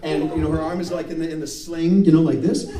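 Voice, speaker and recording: A man's voice: on the high side, steady tone, quick pace, mellow. A man performing a live spoken word story in a club, self-mocking and acting out the dialogue. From United States. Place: club stage before an audience. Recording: roomy live club sound from a distance.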